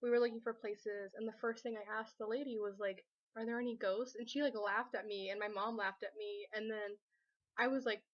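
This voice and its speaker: A woman's voice: mid-range voice, steady tone, brisk, lo-fi sound. A young woman from Southern California chatting to camera in her bedroom, rambling with many fillers. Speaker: vlogger. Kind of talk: casual chat to camera. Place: bedroom at home.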